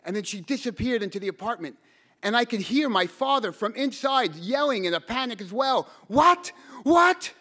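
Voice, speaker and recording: Telling a personal story live on stage, a high-voiced man speaks in an earnest, halting way. He keeps repeating words and bursts into shouting when he quotes himself.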